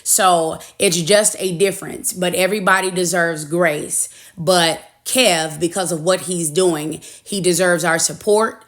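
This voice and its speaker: A woman hosting a commentary video, speaking in an earnest, measured, persuasive way from a prepared script. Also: fairly low pitch, steady tone. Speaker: commentary host.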